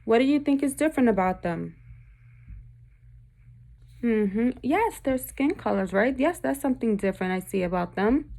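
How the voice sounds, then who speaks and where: Gravelly-voiced woman teacher reading aloud. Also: a little high, expressive, warm tone. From Puerto Rico. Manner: pauses often to ask the class questions. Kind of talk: reading a picture book aloud to a class.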